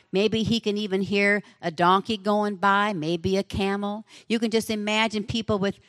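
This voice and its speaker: Slow, dramatic woman preacher. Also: medium pitch, dry recording, clean studio sound. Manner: vivid, dramatic storytelling. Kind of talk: sermon.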